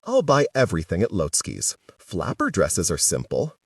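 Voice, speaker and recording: A man's voice: deep voice, moderate pace, no room sound, full character voice. A man voicing a poised young woman. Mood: assured. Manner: calm, assured. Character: confident nineteen-year-old woman, poised. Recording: dry sound, distant mic.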